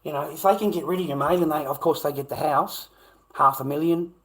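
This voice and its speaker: An Australian man talking straight to his viewers in a rambling, profane monologue, repeating himself and swinging between loud rants and low mutters. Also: fairly quick.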